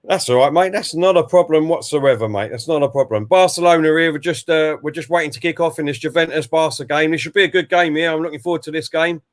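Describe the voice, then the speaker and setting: A man's voice: a little high, fast, hardly any pauses. A man hosting a casual football chat, talking in a friendly way with many hesitations and fillers. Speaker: host.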